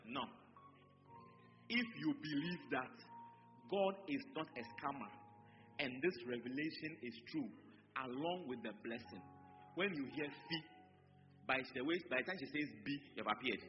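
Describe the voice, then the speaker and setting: A man's voice: mid-range voice, normal speed, pauses often. A man in his thirties or forties with a Ghanaian English accent, preaching a sermon, repeating phrases and calling out to his congregation. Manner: animated, repeats phrases, addresses congregation directly. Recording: echoey hall, dull sound, faint music behind.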